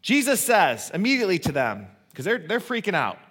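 Male preacher, high-pitched, animated delivery, slow emphatic scripture reading, swings from near-shouts to hushed lines. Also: breathy edge. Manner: drops to a soft, low near-whisper for emphasis; reads scripture aloud in a slow, emphatic cadence. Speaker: pastor. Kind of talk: sermon.

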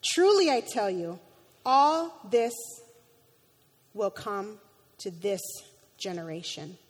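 A woman's voice: mid-range voice, sing-song, slow pace. A woman preaching a sermon, reading scripture aloud with emotion, sometimes stumbling and correcting herself. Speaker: guest preacher. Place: church sanctuary. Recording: long hall reverb.

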